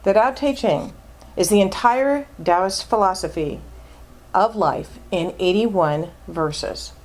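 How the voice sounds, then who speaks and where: A woman's voice: medium pitch, slow. A woman minister giving a sermon, emphatic and fond of repeating words for stress.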